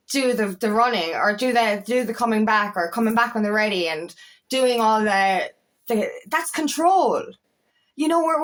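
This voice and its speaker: A woman's voice: on the high side, fairly bright tone. A woman coach talking to camera in a passionate, blunt way, swearing often as she speaks. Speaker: empowerment coach. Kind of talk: casual monologue to camera.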